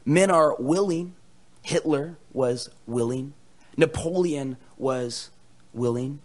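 A young American man preaching a sermon, joking with the crowd, swinging between loud proclamations and hushed near-whispers. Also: medium pitch, slow. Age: young adult. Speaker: pastor. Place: church hall with a live audience.

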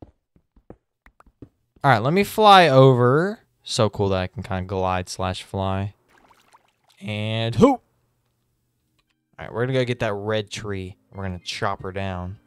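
A man giving excitable, chatty gameplay commentary and talking straight to his viewers. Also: on the low side, slow pace, long pauses, clear, resonant tone, dry recording. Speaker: gaming video host.

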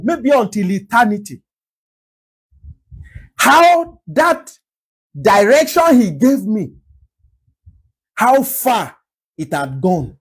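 A man's voice: high voice, husky, poor audio. A man with a Nigerian English accent preaching a sermon as pastor, repeating phrases and firing rhetorical questions. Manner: emphatic rhetorical questions, repetition.

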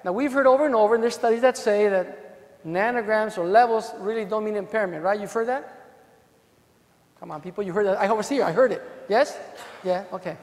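Brisk and high-pitched, a DUI defense lawyer's conference talk in a hotel hall has a big-room sound. He cracks jokes and dramatizes courtroom anecdotes, voicing his back-and-forth with cops and jurors.

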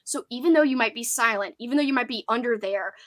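A woman's voice: a little high, fast talker, a bit bright. A young woman hosting a casual live-stream book club chat, chatty and giggly as she reads out viewer comments. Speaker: host of a horror book channel.

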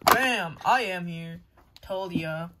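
A woman voicing an angry male echidna brawler in a toy-figure story, loud and threatening. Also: fairly low pitch, takes it slowly, heavy background noise.

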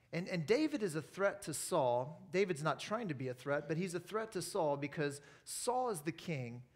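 Man preaching a lively sermon. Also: on the high side. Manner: lively storytelling, acting out quoted lines. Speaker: pastor. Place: church service.

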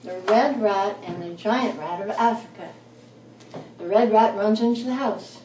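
A woman reading a children's storybook aloud in a clear, measured way. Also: medium pitch, dark tone, a little hiss or hum. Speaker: storybook reader. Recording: echoey room, voice from a distance.

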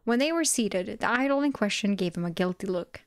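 A woman streaming a live reading of a web novel, breaking off to react with excited exclamations and swearing. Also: medium pitch, brisk, no echo, clean studio sound.

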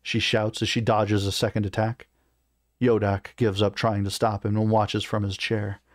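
A man reading a fantasy novel aloud in steady first-person narration, with a few small stumbles. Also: lowish voice, moderate pace, no echo, clean studio sound. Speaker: reader of a novel.

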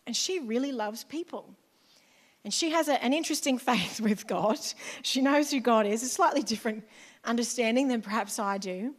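A woman pastor with an Australian accent giving a chatty, conversational sermon in church, with asides to the congregation. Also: fairly high pitch.

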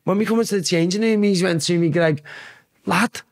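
A young former footballer from Liverpool, England, appears as a podcast guest, telling stories casually in a broad Scouse accent. He talks fast, loose and animated, swearing freely, and his voice is slightly higher than most men's.

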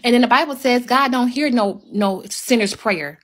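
A woman with a fairly high voice, speaking heatedly to her viewers on a phone livestream. She is emphatic and drives each point home by repeating it. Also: moderate pace, a bit bright.

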